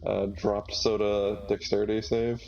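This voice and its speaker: A man playing a tabletop game, laid-back and halting as he speaks. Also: lowish voice, little pitch movement, creaky, warm tone, muffled recording, a little hiss or hum. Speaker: player. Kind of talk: casual tabletop play.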